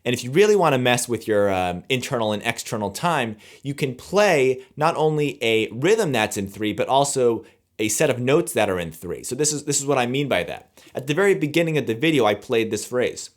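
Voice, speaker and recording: Speaking to the camera at a brisk clip, a man teaches music, explaining rhythm in a relaxed, conversational way and scat-singing the beats as he counts them. His pitch is medium.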